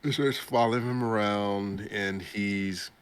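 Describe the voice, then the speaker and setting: A man's voice: fairly low pitch, fairly even intonation, slow pace, clean tone. A young man hosting a podcast, casually recapping a story in a rambling way, laughing as he goes. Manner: rambling, laughs while he tells it. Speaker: podcast host.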